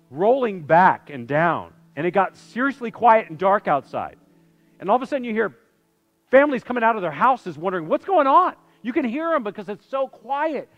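Man, middle-aged, preacher, storytelling sermon, loud bursts then hushed lines, reverberant hall, dull muffled sound. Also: fairly high pitch.

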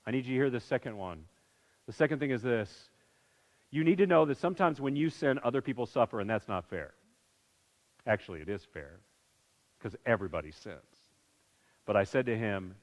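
A middle-aged man preaching through a personal story, swinging between loud bursts and hushed, low lines. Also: expressive, fairly quick, pauses often. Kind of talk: sermon storytelling. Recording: reverberant hall, dull sound.

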